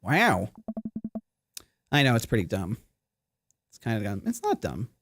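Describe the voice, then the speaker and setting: A man's voice: lowish voice, huge pitch swings, measured pace, music in the background. A man streaming a game, reading its text aloud and chatting casually with viewers.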